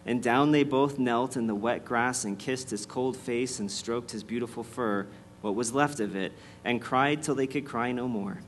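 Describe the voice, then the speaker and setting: A man reading a storybook aloud in a measured, expressive way, then speaking to his listeners as the host. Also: medium pitch, a little hiss or hum.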